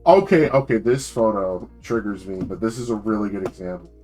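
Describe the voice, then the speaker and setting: A man's voice: on the low side, brisk, dark tone, soft background music. A young man from New Jersey chatting casually on a live stream, rambling, swearing and full of slang.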